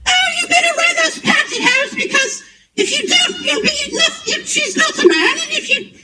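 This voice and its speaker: A man putting on a screeching falsetto as a scheming noblewoman, laughing and wailing as he talks. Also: animated, moderate pace, shouting, noisy background. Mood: shrill, frenzied. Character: shrieking Lady Macbeth parody, a scheming noblewoman.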